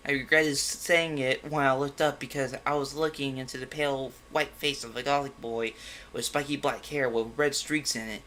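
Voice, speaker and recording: In a bright, pushed, mid-range voice, a man reads bad fan fiction aloud as a comedic performer, breaking in with mocking, exasperated commentary and sudden outbursts. It's a sarcastic, dramatic reading, with slight background noise behind him.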